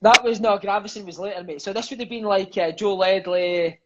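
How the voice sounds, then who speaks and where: High, fast-talking Scottish man on a phone. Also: very noisy. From Scotland. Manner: swears freely, peppers speech with "mate". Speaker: interview guest. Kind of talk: storytelling in casual chat. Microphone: phone on a live video call. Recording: dull lo-fi phone audio.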